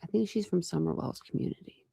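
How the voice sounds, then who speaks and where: A woman's voice: fairly low pitch, quick pace, vocal fry, mellow, breathy edge, dry recording, studio quality. A woman hosting a true crime livestream, chatting casually with viewers in a rambling way. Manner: rambling and chatty, with many fillers and restarts.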